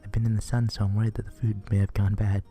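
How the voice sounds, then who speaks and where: A man voicing a shy, gentle teenage girl in a game reading, speaking softly, politely and earnestly. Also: on the low side, level tone, quick pace, slightly rough, soft background music. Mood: worried.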